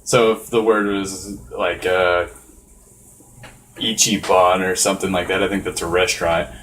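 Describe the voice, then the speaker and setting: Laid-back low-voiced man, casual chat. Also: level tone, measured pace, a bit bright, slight background noise. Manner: laid-back, swears freely, rambling. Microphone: shared podcast mic, creaking chair.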